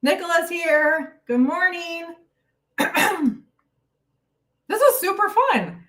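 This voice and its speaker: A woman's voice: very high-pitched, animated, drawn-out words, bright, forceful tone, far from the mic. A woman hosting a casual live stream Q&A from home, chatty and bubbly as she greets viewers by name, a little out of breath. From United States. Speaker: YouTube host.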